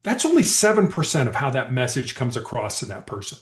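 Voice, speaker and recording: Middle-pitched male guest, very lively storyteller who acts out voices; roomy echo. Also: brisk. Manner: animated, acts out quoted dialogue. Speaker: podcast guest, former hostage negotiator. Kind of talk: conversational storytelling. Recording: echoey room.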